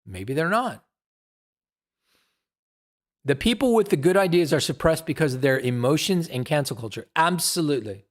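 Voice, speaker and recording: Blunt, ranting man with a lively high voice. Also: moderate pace, long pauses. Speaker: live streamer. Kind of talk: casual stream monologue.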